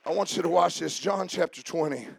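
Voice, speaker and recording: A man preaching a sermon as pastor, building up to shouting and dropping into mock-calm voices for jokes. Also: on the high side, brisk, vocal fry, some chatter behind, a little hiss or hum.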